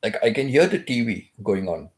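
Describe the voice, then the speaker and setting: Older male vlogger, somewhat low voice, rambling and repetitive, amused at his own stories. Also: big pitch swings, normal speed, a little mellow. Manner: repetitive, chatty, laughs at himself. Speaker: channel host. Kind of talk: casual vlog talk. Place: wooden house.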